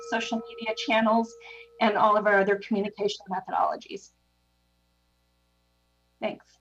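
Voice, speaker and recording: A winded woman speaks up at a city council meeting, her voice set a bit higher than most and heard through dull, lo-fi audio. She is out of breath, hurried and a little apologetic, and she leans on fillers as she goes. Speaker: public commenter. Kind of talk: public comment at a council meeting.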